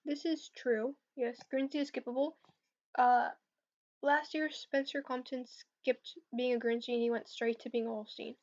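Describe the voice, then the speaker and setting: A woman's voice: high-pitched, fairly even intonation, unhurried. A young woman answering viewer questions about competitive programming on a casual livestream, hesitant with lots of fillers. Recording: slightly dull lo-fi stream audio.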